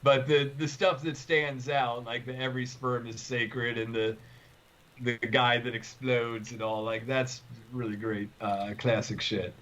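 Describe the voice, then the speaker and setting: A man's voice: medium pitch, level tone, a little slow, fairly bright tone, muffled recording. A man co-hosting a podcast in casual chat, repeating words as he gets his sentences going. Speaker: podcast co-host.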